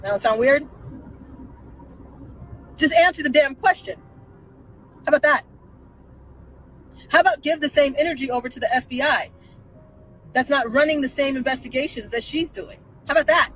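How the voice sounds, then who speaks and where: A woman's voice: sits high, moderate pace, pauses often, fairly bright tone, a little hiss or hum, poor audio. A woman hosting a live stream, commenting casually with incredulous rhetorical questions and frequent laughter.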